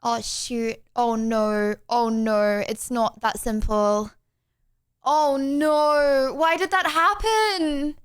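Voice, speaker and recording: A young woman with a high voice streams from home, chatting on a desk mic. She talks slowly, drawn out and unhurried, then breaks into flustered exclamations and laughter over her tech troubles. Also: fairly even intonation, clear, resonant tone. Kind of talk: casual live-stream chat.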